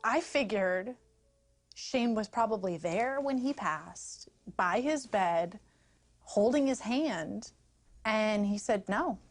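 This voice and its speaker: A woman's voice: mid-range voice, expressive, takes it slowly, soft background music. A woman in a documentary interview, telling a story about a friend in an earnest way.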